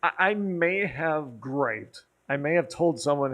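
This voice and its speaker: The audio is dull, and the man's voice sits fairly high as he talks at a slow pace. Tipsy from drinking, he streams a wandering, swear-filled story in a casual way, getting heated and animated the further he goes.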